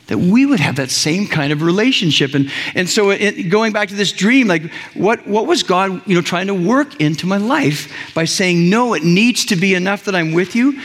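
A man's voice: high voice, a bit bright, big-room sound. A man preaching a sermon to his congregation in an earnest, conversational way, often restarting his sentences. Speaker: pastor.

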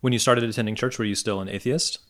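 Male host, low voice, rapid delivery, lively questioner. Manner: energetic, probing questions, quick talk. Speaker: podcast host. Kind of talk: casual interview chat.

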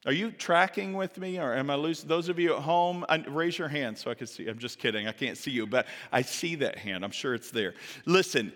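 Male pastor, sermon, lively storyteller, bright and forceful, echoing sanctuary. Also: a little high, a little fast, few pauses. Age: adult parent. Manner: animated storytelling that acts out quoted voices; casual, chatty asides to the audience. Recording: reverberant hall.

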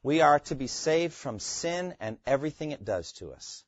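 A man's voice: on the high side, lively intonation, moderate pace, dry recording, muffled recording. A man teaching a Bible class, quizzing his students and repeating key phrases.

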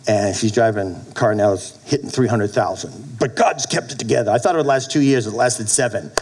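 A man in his fifties preaching a sermon as a pastor, animated, with frequent restarts and sudden soft drops in his voice. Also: lowish voice, fairly quick, husky.

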